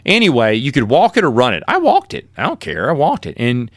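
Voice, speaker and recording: A middle-aged man, host of his own podcast, casually telling rambling, self-deprecating stories and jumping up high in pitch when he quotes himself. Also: a little fast, dry recording, clean studio sound. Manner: animated, with sudden jumps in pitch when quoting himself. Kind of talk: casual storytelling.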